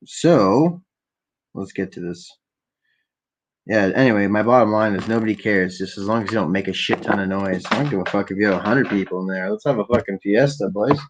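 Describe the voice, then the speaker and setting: A man's voice: lowish voice, muffled recording. A man hosting a rambling late-night solo podcast at home on a laptop, swearing constantly and talking while stoned. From Canada. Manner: profane, rambling, stoned, ranting. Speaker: podcast host. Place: home at night, keeping quiet for neighbors.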